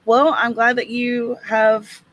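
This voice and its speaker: A woman's voice: fairly high pitch, level tone, slow, a bit bright, rough recording. A woman hosting a writing livestream, chatting casually and reading comments aloud with small asides. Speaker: host.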